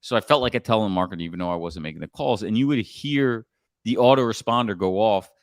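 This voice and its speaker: A middle-aged man coaching on sales in a casual podcast chat, blunt and animated, sometimes swearing. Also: lowish voice, quick pace, dry recording, clean studio sound. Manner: blunt, animated storytelling with profanity.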